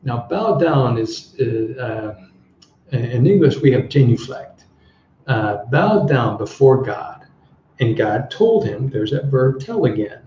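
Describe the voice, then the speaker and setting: A middle-aged man teaching English through a Bible story, pausing often to explain words and translate them. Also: mid-range voice, expressive, dark tone, slight background noise. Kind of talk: relaxed Bible-based language lesson. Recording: echoey room, slightly dull sound.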